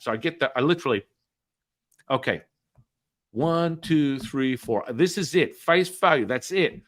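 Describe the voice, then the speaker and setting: Animated storytelling podcast host, man. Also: a little slow, pauses often. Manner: acts out quoted dialogue with big swings in pitch and loudness; chatty, with many fillers and tag questions.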